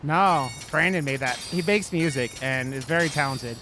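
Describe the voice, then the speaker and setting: A man's voice: fairly high pitch, normal speed, noisy background. A man chatting casually on a live stream while he plays a video game, talking straight to his viewers by name. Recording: game music playing under the voice.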